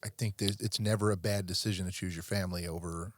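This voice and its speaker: A man's voice: deep voice, fairly even intonation, fast, a little hiss or hum. Rambling, earnest middle-aged man host. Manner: rambling, earnest storytelling with many restarts. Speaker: podcast host. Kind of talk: casual podcast chat.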